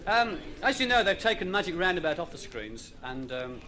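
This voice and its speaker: A man's voice: sits high, very animated, normal speed. A man with a Midlands accent doing live stand-up, rambling and chatty with lots of fillers. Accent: English Midlands. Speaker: stand-up comedian. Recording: live club recording with loud crowd.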